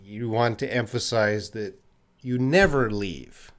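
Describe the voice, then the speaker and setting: A man from Canada teaching English on a live stream, answering viewers' chat questions patiently and slowly with many pauses. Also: lowish voice. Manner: slow, patient, repeats student names and pauses with uh; drinks tea while talking to the camera.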